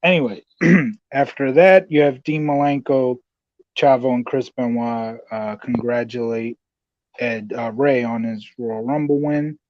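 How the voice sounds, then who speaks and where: A man's voice: medium pitch, steady tone, a little slow, a little mellow, dry recording. A man hosting a casual wrestling podcast who recaps events and steers the talk. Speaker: podcast host. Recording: dry, dull lo-fi sound.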